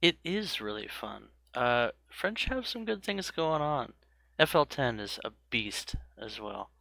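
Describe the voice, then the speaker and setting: A man in his thirties chatting casually on a live game stream, self-mocking and quick to laugh. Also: mid-range voice, sing-song, gravelly, sharp tone, dry recording. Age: 30s.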